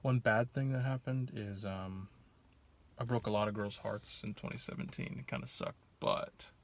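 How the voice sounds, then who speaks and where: A teenage boy answering his own questions from his car, halting and offhand. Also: lowish voice, creaky. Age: teens. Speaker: student vlogger. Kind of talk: casual self-interview.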